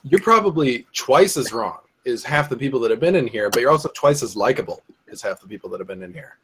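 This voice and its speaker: A man's voice: mid-range voice, lively intonation, fast, a bit bright, breathy edge. A man in casual group talk, explaining hesitantly with many fillers while he hunts for the right words.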